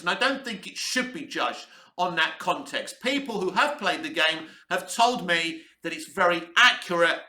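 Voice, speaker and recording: A man's voice: high-pitched, bright, forceful tone, echoey room. A man giving a blunt, candid TV review to camera, swearing freely. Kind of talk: casual opinionated review to camera. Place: room where he is based, in Cyprus.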